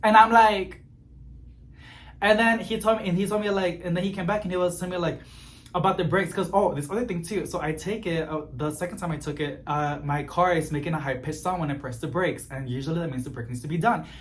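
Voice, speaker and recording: Expressive man venting a story. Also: high voice, fast talker. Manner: expressive, gets animated and exasperated while venting. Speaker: plant vlogger. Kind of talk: casual storytelling chat.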